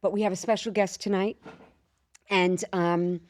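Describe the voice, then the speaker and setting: A woman, co-hosting a podcast and telling a brash, animated story with a lot of swearing. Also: fairly low pitch, normal speed. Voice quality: slight lisp. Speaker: podcast co-host. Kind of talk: casual storytelling chat.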